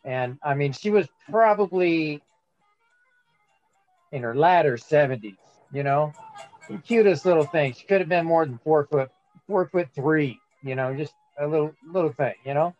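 A man with a high voice chats casually, reacting quickly and telling an easygoing story. Faint music sits behind him. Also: dull audio. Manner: chimes in with quick reactions and jokes. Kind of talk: casual chat.

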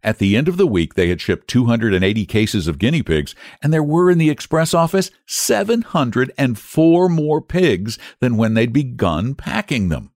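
Animated male story narrator. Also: mid-range voice, moderate pace, hardly any pauses, no room sound, clean studio sound. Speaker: podcast host and narrator. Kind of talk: story reading.

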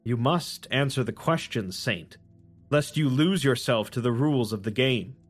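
Guy doing sly fae creature, slow and mocking, formal talk, faint music behind. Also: mid-range voice, lively intonation. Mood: taunting. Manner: formal, measured, taunting.

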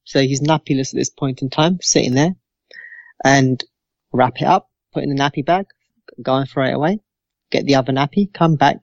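A man in his thirties, a podcast co-host, telling a lively anecdote with plenty of swearing and acted-out voices. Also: mid-range voice, moderate pace, creaky, dry recording. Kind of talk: casual storytelling. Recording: dry, slightly dull lo-fi sound.

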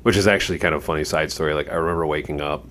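A man's voice: very deep voice, fairly even intonation, rapid-fire, a bit bright, slight background noise. A man co-hosting a podcast, telling a rambling, profane anecdote in casual chat, full of "like" and "you know". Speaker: podcast co-host.

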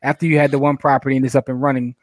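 A man hosting a podcast interview, relaxed and encouraging, repeating the key phrases back. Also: mid-range voice, very fast, no room sound. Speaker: podcast host. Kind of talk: casual interview.

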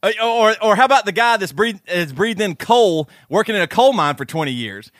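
A man co-hosting a podcast, telling stories and ranting in an animated, laughing way. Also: high-pitched, a little fast, no echo, clean studio sound. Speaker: podcast co-host. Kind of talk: casual chat. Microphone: studio microphone.

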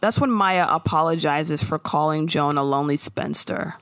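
A woman co-hosting a casual chat, recapping a TV episode with animated storytelling and acted-out lines. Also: low voice, moderate pace, no room sound, clean studio sound. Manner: animated storytelling, acting out characters' lines with laughs. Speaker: podcast co-host recapping a TV episode.

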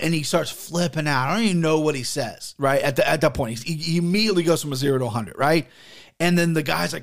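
A man's voice: fairly high pitch, fast. A man in his thirties telling a heated story in a casual monologue, swearing often and talking from a home studio. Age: 30s. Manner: animated, profane, heated storytelling. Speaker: podcast host and sports betting handicapper.

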